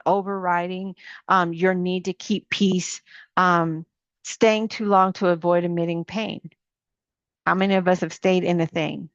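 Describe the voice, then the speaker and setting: A middle-aged woman ministry coach giving an informal sermon to women, animated and building through repeated questions. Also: on the low side, unhurried, no room sound, dull audio.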